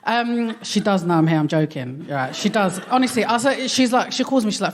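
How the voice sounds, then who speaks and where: A woman's voice: medium pitch, expressive, fairly quick, few pauses. A woman with a London accent doing stand-up on a theatre stage, cheeky, slangy and self-mocking. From Hackney, London. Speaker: stand-up comedian and co-host. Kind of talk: stand-up comedy. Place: London theatre stage before a live audience.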